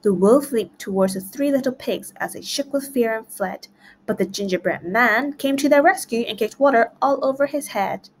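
A woman narrating a children's read-along storybook in a clear, rhythmic rhyming voice. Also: a little high, normal speed, slight background noise. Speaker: storybook reader.

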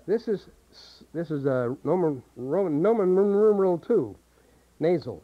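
A man's voice: fairly high pitch, expressive, unhurried. A man teaching a voice acting seminar, explaining and demonstrating vocal sounds to a group. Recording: tinny, muffled old seminar tape.

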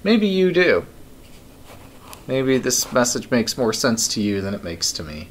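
A man's voice: medium pitch, big pitch swings, a little slow, slight background noise. A man live-streaming his coding work, thinking aloud in a wry, casual way with many ums and uhs.

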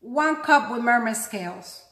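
A woman's voice: on the high side, expressive, unhurried, a bit bright, reverberant. Chatty woman with a non-native accent. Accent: non-native English accent. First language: not English. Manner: chatty, self-deprecating, talks while working. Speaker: craft tutorial host. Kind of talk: casual painting tutorial.

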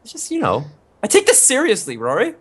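A man's voice: sits high, wildly swooping pitch, brisk, a bit bright, slightly rough. A man co-hosting a gameplay video, joking around in a mock-serious way. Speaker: co-host playing a farming game. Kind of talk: casual gameplay chat.

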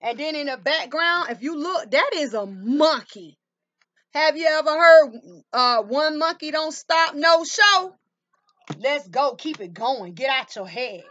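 A woman's voice: high-pitched, lively intonation, a little slow, fairly bright tone, highs cut off. A woman reading tarot cards for viewers, emphatic and full of rhetorical questions, calling them baby and honey. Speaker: tarot reader. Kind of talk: tarot card reading to camera.

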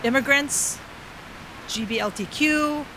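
A woman's voice: high voice, slow pace. A middle-aged woman protester arguing on the street in a blunt, curt, exasperated way. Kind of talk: heated street argument. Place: outdoors by a street. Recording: outdoor street noise.

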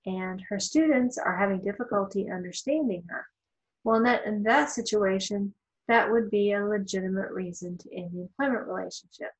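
A woman talks through a law lecture in a relaxed, conversational manner. She drops in wry asides and frequent fillers as she explains. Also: medium pitch, normal speed, poor audio. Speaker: law instructor. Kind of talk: recorded lecture.

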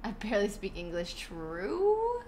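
A woman's voice: mid-range voice, wildly swooping pitch, a little slow, a little mellow, a little hiss or hum. A woman chatting casually on a live gaming stream, giggly and scattered, often breaking into laughs.

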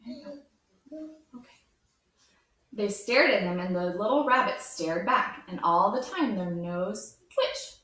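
A woman's voice: medium pitch, slow pace, long pauses. Woman reading a children's book in an echoey room. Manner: gentle, expressive and chatty. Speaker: storytime host. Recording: echoey room, far from mic.

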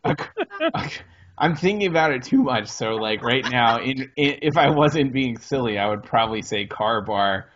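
A man's voice: medium pitch, animated, normal speed, hardly any pauses, fairly bright tone, dull audio, slight background noise. A man, co-hosting a podcast in casual chat and rambling through hesitant restarts. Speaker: podcast co-host.

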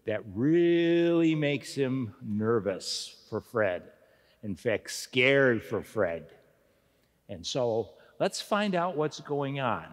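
A man, a pastor, gently telling a children's story and voicing a fish puppet. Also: medium pitch. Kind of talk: children's message with puppet voices. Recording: echoey church hall.

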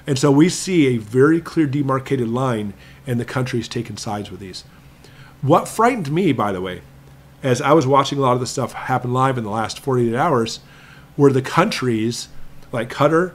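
A man hosting a live question-and-answer stream, talking at a medium pitch. He lectures emphatically and slows down hard when he wants a point to land. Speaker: prepping channel host.

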